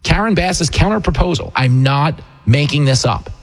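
A man's voice: fairly high pitch, animated, moderate pace. A middle-aged man hosting a talk radio show, giving mocking political commentary full of jokes and mimicked voices. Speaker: radio talk host and comedian.

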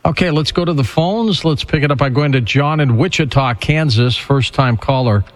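A man hosting a radio call-in show, briskly and amiably taking callers. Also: fairly high pitch. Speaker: radio host.

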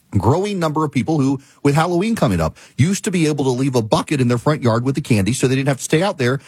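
A man's voice: darkish tone, husky, dry recording. A man hosting a talk show, telling stories in a casual, ranting monologue. He sounds exasperated and emphatic, repeats points for effect, and breaks into laughter. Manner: laughs mid-sentence and bursts into high-pitched exclamations.

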